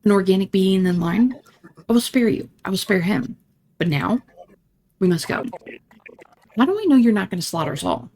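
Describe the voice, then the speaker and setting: A woman hosting a let's-play reads the game's lines aloud with theatrical flair, trading one character's voice for another as the scenes move along. Her voice sits at an ordinary middle pitch. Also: animated, moderate pace, long pauses, darkish tone, dry recording. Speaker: gaming channel host. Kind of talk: reading game dialogue aloud in a let's-play.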